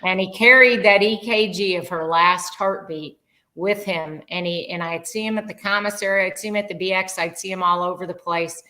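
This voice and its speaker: A woman's voice: lowish voice, steady tone, normal speed, sharp tone, poor audio. An older woman, a podcast guest, telling a heartfelt story in an earnest, rambling way with many fillers. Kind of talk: casual conversational storytelling.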